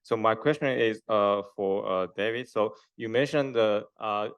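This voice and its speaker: A man's voice: fairly low pitch, clean tone, no echo, muffled recording. Hesitant man asking from the audience. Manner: hesitant, halting. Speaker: audience member asking a question.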